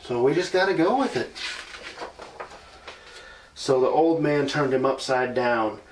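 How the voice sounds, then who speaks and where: A man's voice: medium pitch, expressive, measured pace, a little hiss or hum. A man reading a storybook aloud indoors in an old house, with playful asides to his listeners. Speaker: paranormal investigator. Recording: roomy sound from a distant mic.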